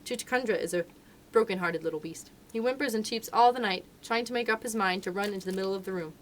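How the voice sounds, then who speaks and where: A woman, a children's librarian, reading a storybook aloud with expressive, lively narration. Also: medium pitch, fast, slight background noise.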